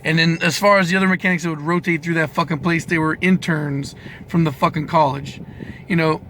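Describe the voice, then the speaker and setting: A man's voice: on the high side, steady tone, brisk, fairly bright tone, a little hiss or hum. A young man telling a heated story about his work as a mechanic, swearing constantly and restarting his sentences as he goes. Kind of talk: ranting vlog story.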